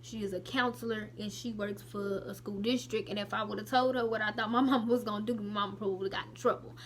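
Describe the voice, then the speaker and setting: A young woman vlogger telling a personal story to her viewers in a casual, emotional, animated way with many asides. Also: medium pitch, quick pace, a little hiss or hum.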